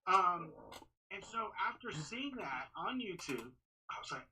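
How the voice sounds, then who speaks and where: High and husky, this man's voice comes through poor audio as he, a ring announcer from Texas, is interviewed informally on a podcast. He talks rapidly with excitement, doubling up words and beginning sentences again.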